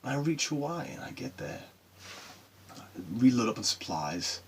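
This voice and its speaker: An actor playing a rough-talking male sailor who recounts his solo voyage in a rambling, emotional monologue. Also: mid-range voice, big pitch swings, normal speed, a little hiss or hum. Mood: awed. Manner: profane, rambling and emotional storytelling. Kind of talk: dramatic monologue.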